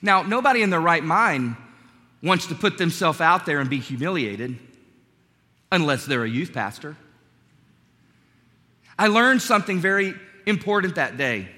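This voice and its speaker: Male pastor, sermon delivery, conversational and story-driven; bright tone, long reverb of a sanctuary. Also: a little high, normal speed, long pauses. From North Carolina. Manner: conversational, storytelling, animated asides.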